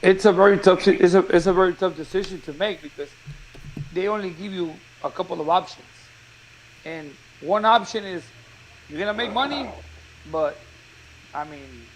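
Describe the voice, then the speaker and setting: A boxing coach telling a story in casual chat, acting out the quotes with energy. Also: male voice, high-pitched, a little hiss or hum, low-quality recording. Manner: animated storyteller, acts out quotes.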